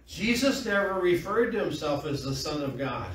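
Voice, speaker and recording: A middle-aged man preaches in a chatty, folksy storytelling style, drawing call-and-response from a small congregation. His voice is bright and sits a little high for a man. He is heard from some distance in a small room with heavy echo. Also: very animated, moderate pace, hardly any pauses. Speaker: pastor. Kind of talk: sermon. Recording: echoey room from far off.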